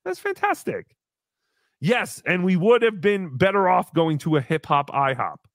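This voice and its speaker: A man hosting a live show, telling a story in casual chat with animated, exasperated swearing. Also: sits high, a little slow, no room sound, studio quality. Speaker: podcast host.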